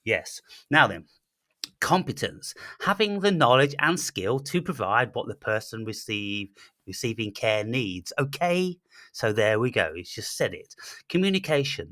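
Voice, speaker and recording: A man rants straight to the listener in a blunt, profane monologue that stumbles through fillers and restarts. His voice is bright and forceful, and it is recorded dry and close. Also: medium pitch, no room sound. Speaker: channel host. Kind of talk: ranting monologue.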